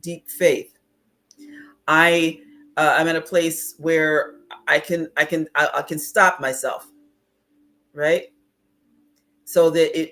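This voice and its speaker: With a low-pitched, slightly bright voice, this woman leads a livestream as a spiritual teacher, reading out viewers' comments and greeting them. She is reflective, laughs frequently, and acts out inner voices.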